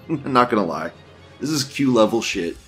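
A man's voice: mid-range voice, lively intonation, moderate pace, fairly bright tone, soft background music. A man hosting a casual online news commentary, mocking what he shows, laughing often and reading posts aloud. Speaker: host.

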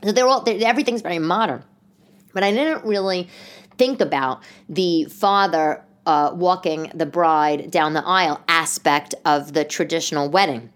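A woman's voice: deep voice, moderate pace. A woman in her thirties hosting a casual solo podcast, rambling through stories and acting out other people's voices. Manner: animated, rambling storyteller who acts out voices. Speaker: podcast host.

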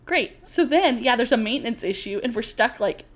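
A woman's voice: a little high, a little fast. A young woman co-hosting a podcast, telling a story in casual chat with lots of laughter and acted-out quotes. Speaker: podcast co-host.

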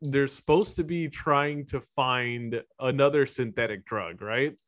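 A man's voice: medium pitch, unhurried, a bit bright. A man co-hosting a casual movie review chat, rambling with lots of "like" and easy laughter. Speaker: podcast co-host.

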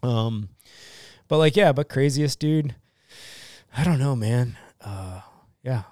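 On a podcast, a young adult man who works as a firefighter and EMT recounts stories in a slow, mid-range voice, swearing liberally and performing the quotes in lively fashion. The sound is dry and of studio quality.

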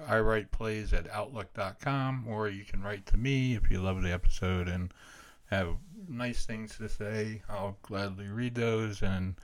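A man hosting a podcast, closing the episode with a relaxed, joking sign-off. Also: fairly low pitch. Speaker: podcast host. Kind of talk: casual podcast chat.

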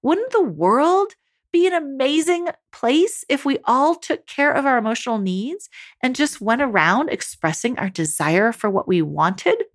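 A woman's voice: high-pitched, big pitch swings, measured pace. A woman, a parenting coach for mothers, giving encouraging, motivational advice straight to her listeners. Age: adult mother. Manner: encouraging, speaks directly to listeners as mamas. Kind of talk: motivational podcast coaching talk.

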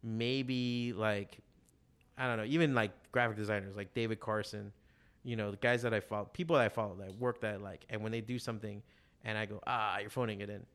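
A man's voice: on the low side, fairly quick, smooth. Profane, rambling man in casual chat. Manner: profane, animated, rambling with many fillers. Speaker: podcast guest, comic shop owner.

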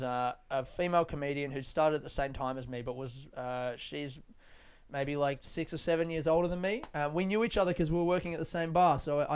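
A man's voice: a little high, a little mellow, clear, resonant tone. A young adult man, a comedian, talking frankly in a casual monologue, swearing freely and rambling with restarts. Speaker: stand-up comedian.

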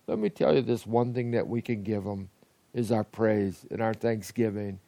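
Pastor guy preaching a devotional, gravelly low voice, dry close sound, kinda halting and earnest. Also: warm tone, no room sound. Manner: earnest, halting, with many restarts and prayerful quotes. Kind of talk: devotional sermon.

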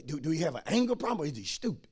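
A man, preaching a sermon as pastor and swinging from quiet asides to shouted lines. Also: fairly high pitch, very animated, very fast, breathy edge.

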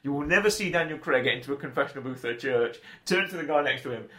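A man's voice: mid-range voice, animated, very fast, sharp tone. A man co-hosting a film podcast, chatting casually and joking about movies with playful impressions. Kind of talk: casual chat.

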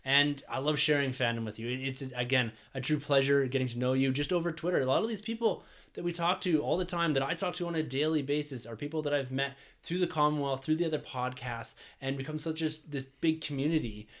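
A man's voice: mid-range voice, quick pace, a bit bright. A man hosting a podcast, chatting earnestly and enthusiastically with his co-hosts and thanking listeners. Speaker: podcast host. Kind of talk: casual podcast chat.

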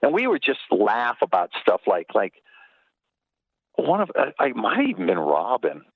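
A man's voice: fairly low pitch, moderate pace, slightly rough, dry recording, phone-quality sound. An older man from Los Angeles, a former baseball trainer, telling stories in a casual chat and putting on voices for the people in them. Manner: animated, puts on voices in anecdotes. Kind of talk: casual storytelling.

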